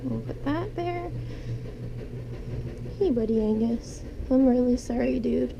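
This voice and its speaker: A woman vlogging while she cleans pet cages, talking gently and soothingly to her animals. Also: on the high side, expressive, slow, gravelly, lo-fi sound, background noise. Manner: soothing, talks softly to animals. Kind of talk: casual talk to pets while cleaning cages. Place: indoor room with pet cages.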